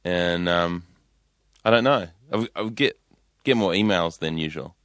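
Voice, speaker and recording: A deep-voiced man with a New Zealand accent answers in an understated, deadpan way, often dryly literal. The sound is close and dry from a studio microphone. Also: moderate pace, dry recording. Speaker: guest comedian. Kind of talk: casual interview.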